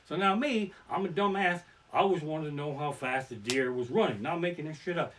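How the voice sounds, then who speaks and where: A male stand-up comedian from Pennsylvania tells rambling, profane stories on a home live stream from his living room and often bursts into shouted punchlines. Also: fairly high pitch, sing-song, brisk, hardly any pauses, distant mic. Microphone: simple home streaming setup.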